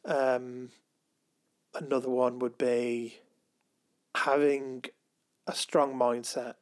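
A man co-hosting a podcast in casual chat, talking slowly with many ums and restarts. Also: mid-range voice, level tone. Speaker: podcast co-host.

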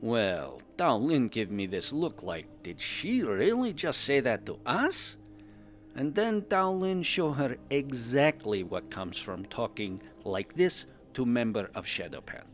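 For a fan podcast, a man tells a story in character as a cheerful pandaren adventurer who dotes on his wife. His mid-range voice swings widely in pitch at a measured pace, and the speech is broken English, dropping articles and verb endings.

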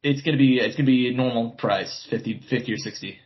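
A man's voice: mid-range voice, fast talker, highs cut off. A man co-hosting a podcast in casual chat, swearing often and repeating words as he thinks. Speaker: podcast co-host. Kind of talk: casual chat about boxing.

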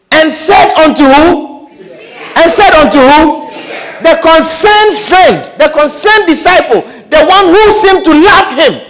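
High-voiced, lively male preacher. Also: big-room sound. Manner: emphatic, repeats lines and checks in with the congregation. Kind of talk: sermon.

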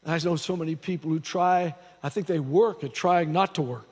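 A man's voice: on the high side, moderate pace, darkish tone, slightly rough. A man preaching a sermon as pastor, restarting phrases and repeating words as he goes. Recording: long hall reverb.

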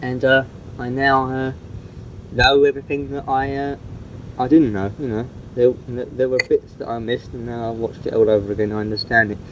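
A man's voice: medium pitch, flat delivery, normal speed. A man talks his way through a homemade cassette message, rambling and padding with fillers. The sound is dull and muffled, with a light hiss under it. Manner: rambling, chatty, with many fillers. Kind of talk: recorded cassette tape message.

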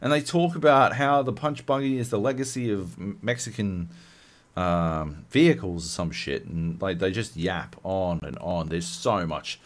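A man's voice: low-pitched, moderate pace. A man co-hosting a podcast, ranting profanely in casual chat. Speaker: podcast co-host.

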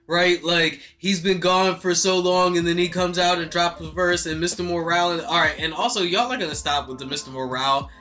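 A man's voice: a little high, moderate pace, pushed and bright, faint music behind. A man casually chatting about rap beef and boxing, loose and joking, with lots of fillers and swearing. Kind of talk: casual hip-hop commentary chat.

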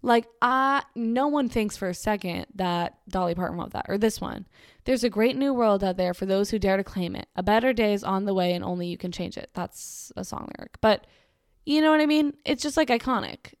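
A woman's voice: medium pitch, brisk, clear, resonant tone, no echo. A young woman chats through a casual monologue, gushing and full of restarts. Her voice sits in a middle range for a woman. The recording is dry and close, with no room sound. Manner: gushing, chatty, many fillers and restarts.

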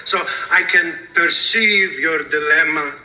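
A man's voice: a little high, pushed and bright, exaggerated voice. A drawling con-man spirit doctor. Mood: smug. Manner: slow, drawling, chuckling. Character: smug con-man spirit doctor, male, middle-aged. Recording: echoey studio with audience noise.

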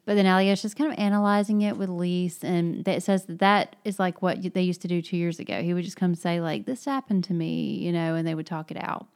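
Female co-host, slightly low voice, casual book chat, lively storyteller. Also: fairly quick, few pauses, smooth. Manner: animated retelling of scenes.

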